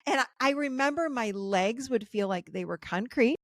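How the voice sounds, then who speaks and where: Woman in her 50s telling stories on a podcast, bit of gravel in her voice, does all the voices, dry close sound. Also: a little high, normal speed, no room sound. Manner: animated, acts out the voices of people in her stories. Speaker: guest therapist and coach. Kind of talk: personal storytelling in a podcast interview. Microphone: video call.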